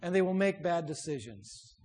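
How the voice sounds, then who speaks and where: A man preaching a sermon in an emphatic, exhorting way, often dropping low and soft to drive a point home. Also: expressive, moderate pace.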